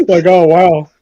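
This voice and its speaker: A young man co-hosting a casual group chat, animated and laughing often. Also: high-pitched, gravelly. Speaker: podcast co-host.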